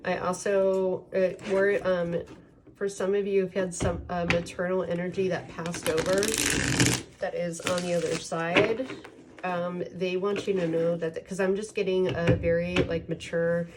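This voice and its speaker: Lower-pitched lady doing a chatty tarot reading, rambly with lots of ums, noisy home recording with cards shuffling. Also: flat delivery, measured pace. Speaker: tarot reader. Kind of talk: casual pick-a-card tarot reading.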